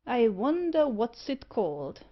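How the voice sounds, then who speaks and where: Woman playing a carefree rogue, jolly, greedy, rough dialect, storybook audiobook, muffled sound. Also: a little high, big pitch swings, measured pace. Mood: jovial. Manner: breezy dialect speech. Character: jolly greedy male dog-thief rogue.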